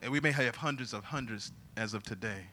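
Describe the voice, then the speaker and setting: Bright-voiced preaching man. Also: medium pitch, brisk, faint music behind. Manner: preaching with bursts of loud singing. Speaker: pastor. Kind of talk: sermon.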